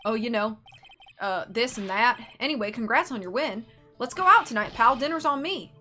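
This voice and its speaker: Woman as a booming happy-go-lucky cop, high and bright, light music behind. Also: lively intonation, moderate pace. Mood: cheerful. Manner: boisterous, folksy, calls people pal. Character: loud goofy male detective, loyal and broke. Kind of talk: dramatic game reading.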